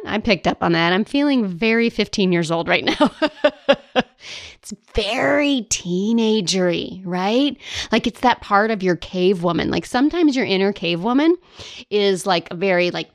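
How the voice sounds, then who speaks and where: A woman hosts her own life coaching podcast, talking playfully and laughing often as she acts out whiny voices. Her voice sits at a middle pitch. The sound is dry and close, with no room echo. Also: big pitch swings, unhurried, creaky. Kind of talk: solo podcast monologue.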